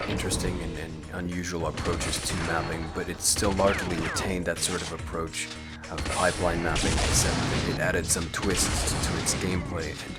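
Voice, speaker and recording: A man giving voice-over commentary on a game walkthrough, talking in a thoughtful, analytical way with frequent hedges. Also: low-pitched. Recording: voice over loud game music.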